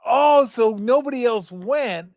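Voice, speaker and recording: A laid-back man hosting a sports talk show, with a voice that sits high for a man. He chuckles often and drifts into rambling asides, and his voice sounds dry and close with no room echo. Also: expressive, slow pace, a little mellow. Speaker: radio show host.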